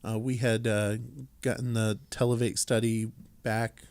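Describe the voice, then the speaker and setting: A man's voice: fairly low pitch, flat delivery, unhurried, few pauses, darkish tone, smooth. A man co-hosting a podcast, talking casually through council business with many fillers and restarts and a dry sense of humor. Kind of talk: casual chat, reading a council resolution aloud.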